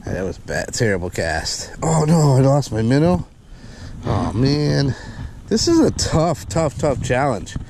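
A man filming a fishing vlog outdoors by a canal, talking to viewers and getting loud and excited whenever a fish bites. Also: mid-range voice, unhurried, creaky, a little hiss or hum. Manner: excitable, talks to viewers as "guys", shouts and laughs when a fish bites. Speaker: fishing vlogger.

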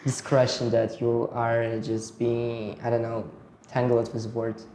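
Uzbek-accented young man, flat and mellow. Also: medium pitch, slow pace. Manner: hesitant, searching for words. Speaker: guest, IELTS test taker. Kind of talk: casual interview answers. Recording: roomy echo, faint noise.

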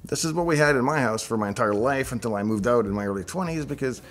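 A man's voice: mid-range voice, expressive, fast, faint music behind. A middle-aged man hosting a show, casually thinking aloud as he reacts to on-screen designs with chatty asides. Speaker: show host reviewing software designs.

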